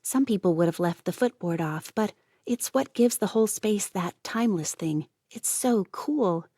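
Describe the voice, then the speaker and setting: A woman reading an audiobook, voicing a chatty, excitable young woman who rambles on in run-on bursts. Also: mid-range voice, normal speed, husky, dry recording, studio quality, voice pushed up. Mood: gushing.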